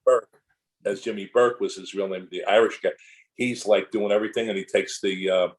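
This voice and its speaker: A man's voice: lowish voice, fairly even intonation, moderate pace, poor audio. An older man, an actor guest in a casual interview, telling long rambling anecdotes full of restarts and asides.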